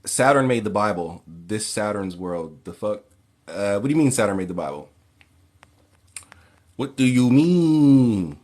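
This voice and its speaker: A man hosting a casual livestream Q&A who reads viewers' questions aloud and answers in a relaxed, plain way. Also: lowish voice, normal speed. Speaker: occult livestream host.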